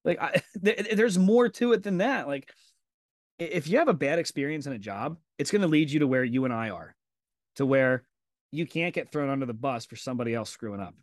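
A man's voice: medium pitch, expressive, fairly quick, no echo, clean studio sound. Candid, profane male podcast host. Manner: candid and profane, acts out quoted dialogue in storytelling. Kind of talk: casual conversational interview.

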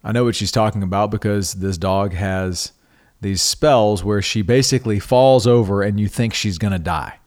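With a voice on the low side and a moderate pace, a middle-aged man hosting a podcast shares a personal story. He restarts and repeats words often, keeps it conversational, and becomes animated when quoting himself.

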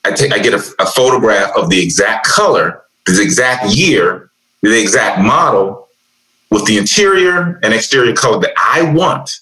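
A man as a guest, telling motivational stories in an animated way. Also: fairly low pitch, normal speed, rough recording. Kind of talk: casual conversation.

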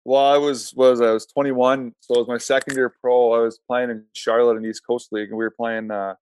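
A man's voice: mid-range voice, flat delivery, a little fast, a little mellow, a little hiss or hum. A middle-aged man, a former pro hockey goalie, telling a rambling, self-correcting story in casual talk and laughing at himself.

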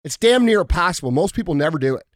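A middle-aged man hosts a podcast and talks in a fired-up, profane rant. His voice sits high for a man. The sound is close and dry, with no room echo. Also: lively intonation, rapid-fire. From United States. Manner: blunt, profane, heated ranting. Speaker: podcast host. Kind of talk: casual podcast talk.

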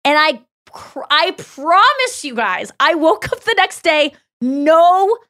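A woman's voice: sits high, very animated, slow pace, fairly bright tone, no room sound, clean studio sound. A woman hosting a podcast in casual chat, rambling with lots of "like" and acting out her own thoughts. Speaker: podcast host.

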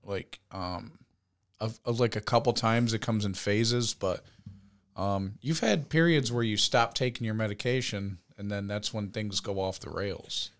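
A man's voice: lowish voice, measured pace. A man hosting a podcast in casual chat, blunt and profane, with lots of fillers. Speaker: podcast host.

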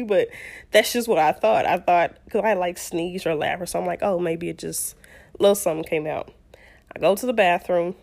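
A young woman, telling a personal story in a chatty, animated way with laughing asides. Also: mid-range voice. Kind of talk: casual storytelling.

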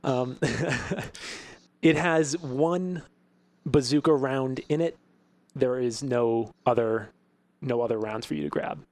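A man's voice: medium pitch, slow, a little mellow. A man narrating as game master of a tabletop game, describing scenes loosely with fillers and frequent chuckles.

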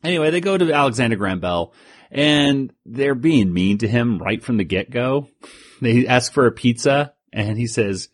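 A man's voice: medium pitch, expressive, moderate pace, no echo, clean studio sound. A man co-hosting a podcast, recapping a comic in a rambling, self-interrupting way with frequent laughs. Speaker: podcast co-host. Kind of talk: casual chat.

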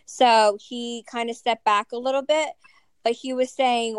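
A podcast co-host dishes on celebrity news in a breezy, sassy gossip chat. Her voice sits on the high side and is clear and resonant, and she speaks at a measured pace. The recording has no room sound.

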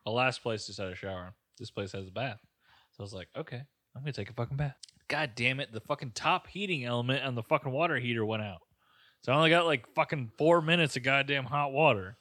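A man co-hosting a podcast, ranting in a casual, animated way with constant swearing. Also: mid-range voice, fast, no room sound, clean studio sound. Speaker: podcast co-host. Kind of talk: casual chat.

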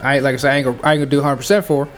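A man's voice: mid-range voice, steady tone, rapid-fire, fairly bright tone, soft background music. A man co-hosting a podcast, bantering casually with friends and restarting his sentences often. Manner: laid-back, stammering restarts. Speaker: podcast co-host.

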